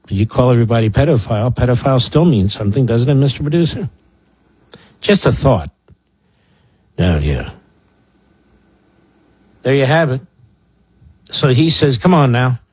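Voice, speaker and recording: A man's voice: medium pitch, animated, normal speed, pauses often, a little mellow, husky, no echo. A man in his sixties from the Philadelphia area hosting a political talk radio show, sarcastic and mocking, with asides to his producer. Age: 60s.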